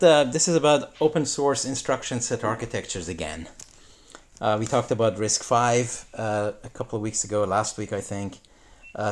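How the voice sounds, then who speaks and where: A man co-hosting a casual tech podcast, speaking in an agreeable, analytical way. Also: on the low side. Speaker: podcast co-host.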